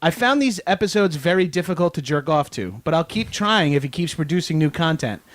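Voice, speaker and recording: Man with a Long Island accent, podcast host, fairly high voice, self-mocking, laughs a lot. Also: very animated, a little fast. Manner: laughs often, mock-indignant, self-mocking. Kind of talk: reading listener reviews aloud, casual chat.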